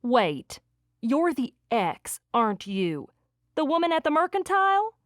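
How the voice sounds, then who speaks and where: A woman's voice: high-pitched, very animated, measured pace, dry recording, studio quality, voice pushed up. Woman voicing a pushy southern TV producer.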